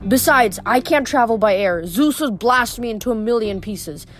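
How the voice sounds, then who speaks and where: A woman's voice: a little high, expressive, normal speed, natural voice. A woman reading aloud, voicing an earnest, stubborn teenage boy hero. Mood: firm.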